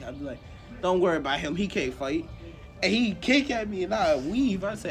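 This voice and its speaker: A man's voice: high-pitched, moderate pace. A man casually improvising a story in slangy speech. He acts out the quoted lines and laughs often. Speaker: co-host telling a fan story.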